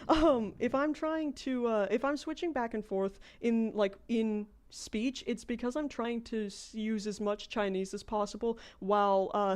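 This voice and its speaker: An American woman with a medium-pitched, darkish voice is streaming a game and chatting casually with her viewers. She rambles, thinking aloud at length while she plays.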